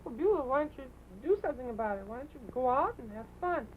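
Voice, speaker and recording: A woman hosting a live television show, talking gently and coaxingly with a puppet, on a muffled 1950s broadcast recording. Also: sits high, lively intonation, fast talker, hardly any pauses, slight background noise. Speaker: host.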